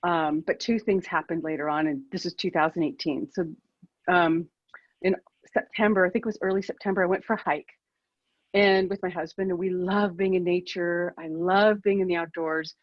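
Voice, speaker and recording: A woman's voice: fairly low pitch, steady tone, moderate pace, dry recording, highs cut off. A woman in her fifties, a keynote speaker, telling a personal story over a video call in a candid, self-deprecating way.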